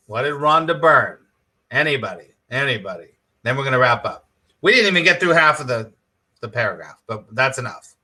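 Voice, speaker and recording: Pushed and bright at a medium pitch, a middle-aged man leads an enthusiastic live-stream lesson as a spiritual teacher. He keeps restating his points and calls on viewers by name to quiz them.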